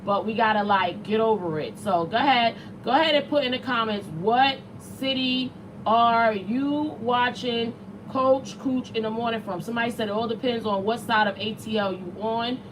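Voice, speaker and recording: A slightly high-voiced woman in her late thirties hosts a casual livestream. She talks bluntly and chattily as she reads viewers' comments aloud. A faint hum of noise sits behind her voice. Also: normal speed. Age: late 30s. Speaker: show host.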